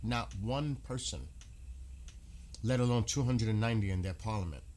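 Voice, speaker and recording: A man's voice: on the low side, normal speed, a little mellow, a little hiss or hum. Indignant man commenting on the news. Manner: indignant, fires off rhetorical questions. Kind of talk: casual live commentary on news clips.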